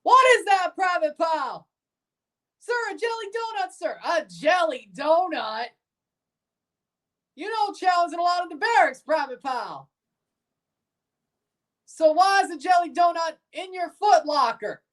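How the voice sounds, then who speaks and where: A woman's voice: very high voice, big pitch swings, measured pace, long pauses, a bit bright, recorded from a distance, voice pushed up, full character voice. Woman doing a barking drill sergeant. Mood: bellowing. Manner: barking interrogation, mocking. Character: bellowing male military drill sergeant, harsh.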